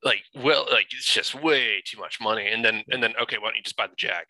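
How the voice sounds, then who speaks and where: A man chatting casually about cars as co-host, laid-back and quick to laugh. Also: on the low side, sharp tone, no room sound, poor audio. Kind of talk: casual car chat.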